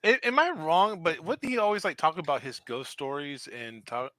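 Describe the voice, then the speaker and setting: A man's voice: on the high side, lively intonation, normal speed, bright, forceful tone, dry recording. A man co-hosting a casual chat show, teasing his partner and laughing often. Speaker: podcast co-host.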